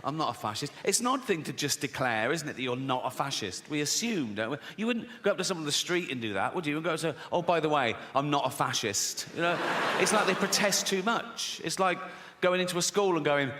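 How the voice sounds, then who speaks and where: A sardonic English comedian in middle age holds a theatre stage, his voice pitched slightly high. It carries a long hall reverb, with audience noise clearly heard behind him. He mocks with a straight, innocent air and acts out the people he quotes. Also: lively intonation, quick pace. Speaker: stand-up comedian. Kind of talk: stand-up comedy set. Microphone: stage microphone.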